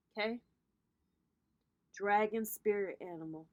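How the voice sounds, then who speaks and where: A woman's voice: a little high, unhurried, pauses often. A woman hosting a casual astrology vlog, giving a brash, profane pep talk and calling her viewers honey and baby. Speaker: spiritual reader and vlog host.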